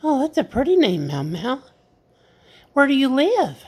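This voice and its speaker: Grandma cooing at the baby, bouncy lively voice, playful and coaxing. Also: female voice, high-pitched, a little slow, husky. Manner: sing-song, coaxing, playful. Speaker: grandmother talking to a toddler. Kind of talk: baby talk with a grandchild on video.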